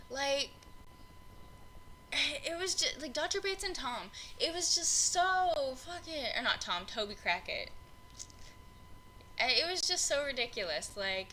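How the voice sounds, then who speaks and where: A woman's voice: medium pitch, sharp tone, a little hiss or hum, low-quality recording. A young woman hosting a podcast, ranting about a film in an unscripted, rambling way, full of fillers and swearing. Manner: rambling, frequent fillers, exasperated, swears freely. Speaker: podcast host reviewing film adaptations. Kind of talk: unscripted casual rant.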